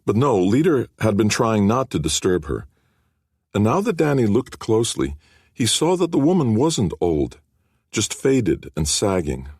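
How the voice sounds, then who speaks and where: Deep husky male audiobook narrator. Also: a little slow, dry recording, clean studio sound. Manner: expressive, varied reading.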